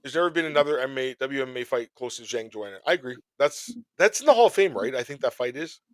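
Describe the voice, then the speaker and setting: A man hosting a podcast in casual chat, rambling through topics with quick joking asides. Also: medium pitch, lively intonation, no room sound. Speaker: podcast host.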